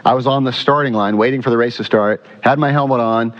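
A male pastor preaching a sermon in a church, animated and often quizzing the congregation. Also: medium pitch, quick pace, highs cut off. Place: church sanctuary.

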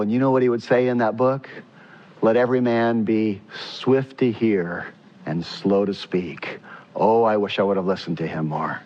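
A man preaching a sermon in an animated way, acting out voices and swinging from loud questions to hushed, tender lines. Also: on the low side, highs cut off. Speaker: pastor.

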